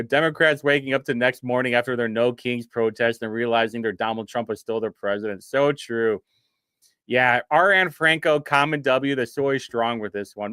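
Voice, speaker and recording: A man's voice: mid-range voice, fairly bright tone, clean tone, no room sound, studio quality. A young man hosting a casual live stream, rambling and mocking with frequent laughs. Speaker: streamer host.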